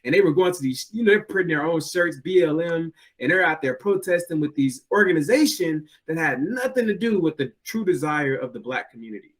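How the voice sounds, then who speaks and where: A man's voice: on the high side, fairly quick, hardly any pauses. A man chatting casually as a podcast co-host, telling stories and acting out quotes in a raised voice. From United States. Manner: animated storyteller, acts out quotes in a raised voice. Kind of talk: casual chat.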